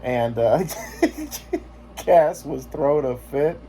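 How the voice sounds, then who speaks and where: Joking, rambling man with a mellow voice. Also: a little high, very animated, extremely slow. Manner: joking, rambling with filler words. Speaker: vlogger. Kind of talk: casual chat.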